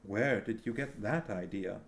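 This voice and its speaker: A man reading a novel aloud and voicing a wise, motherly sorceress who speaks calmly and gravely. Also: fairly low pitch, unhurried. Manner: calm, grave and steady.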